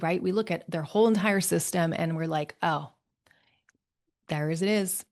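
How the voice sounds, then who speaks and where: A woman's voice: on the low side, fairly even intonation, normal speed, creaky. A middle-aged woman coach talking solo on a podcast, upbeat and chatty, often tagging lines with "right?". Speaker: midlife health coach, podcast host.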